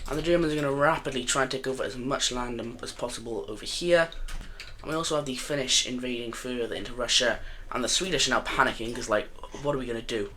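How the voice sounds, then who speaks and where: A young man talks fast in a sharp, mid-range voice, with a bit of background noise. Narrating an alternate-history map game, he chats and jokes in a rambling way, regularly correcting himself mid-sentence.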